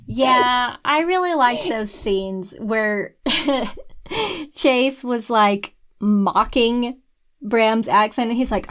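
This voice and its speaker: A young adult woman co-hosting a podcast, chatting casually about a book, agreeable and quick to laugh. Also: on the high side, animated, a bit bright. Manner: agreeable, laughs readily, quick reasoning asides. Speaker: podcast co-host. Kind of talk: casual book-discussion chat.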